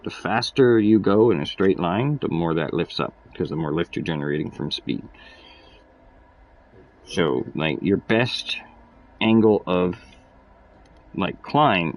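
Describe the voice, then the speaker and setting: Low, gravelly male streamer, loose profane play-by-play. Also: rough recording. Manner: rambling, profane, explains as he plays. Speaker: gameplay streamer. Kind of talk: casual gameplay commentary.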